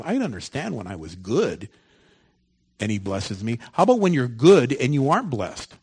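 A man preaching a sermon, moving from loud, emphatic lines to soft, hushed ones. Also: medium pitch, big pitch swings, moderate pace, slightly rough, poor audio.

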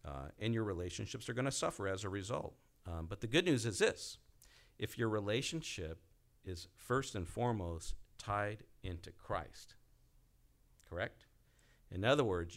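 A man's voice: fairly low pitch, a bit bright. A male pastor preaching a conversational sermon, speaking directly to the congregation and acting out the pleas he quotes. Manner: conversational, repeats and restarts, acts out quoted pleas.

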